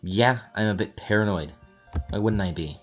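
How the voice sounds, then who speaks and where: A man with a low voice playing a paranoid, guarded young ex-soldier in a tabletop game, on a dull lo-fi recording with faint music behind. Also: normal speed, lightly acted. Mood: defensive. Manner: defensive, guarded.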